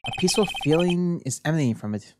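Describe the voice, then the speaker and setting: A woman streamer reading a video game's text aloud in a plain, low-key way, adding small asides as she plays. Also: expressive, fast talker, background noise. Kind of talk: reading game dialogue aloud while playing. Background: game music.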